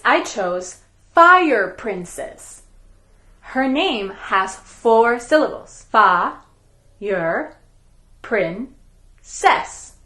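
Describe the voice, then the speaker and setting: A woman teaching a recorded music lesson for young children, counting beats and speaking rhythm syllables in a slow, clear, patient way. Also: a little high, fairly bright tone, slight background noise. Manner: slow, clear, patient classroom delivery with counted clapping chants.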